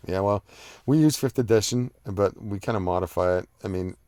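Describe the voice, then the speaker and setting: A man's voice: on the low side, normal speed, warm tone, no room sound, clean studio sound. A man hosting a live stream, reading viewer comments aloud and chatting about them in a rambling way, with lots of fillers and restarts. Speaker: host reading live chat. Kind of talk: casual live-stream chat.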